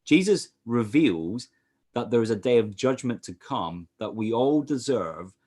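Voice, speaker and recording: A Scottish man preaching as a pastor over a video call, animated, with frequent "uh" fillers. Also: lowish voice. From Scotland. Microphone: computer mic on a video call.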